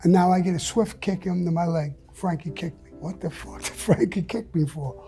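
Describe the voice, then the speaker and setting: A man being interviewed, telling a story bluntly and profanely in a casual, animated way. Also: high-pitched, moderate pace, faint music behind. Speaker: interview guest.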